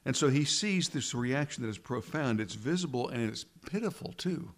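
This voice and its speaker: A man's voice: medium pitch, animated, normal speed. Man preaching with rhetorical questions. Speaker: pastor. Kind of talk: sermon.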